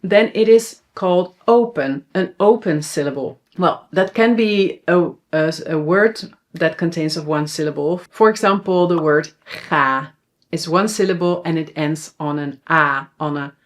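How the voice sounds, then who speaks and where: A woman with a Dutch accent teaching a language lesson, explaining clearly and slowing down to model words. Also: low voice.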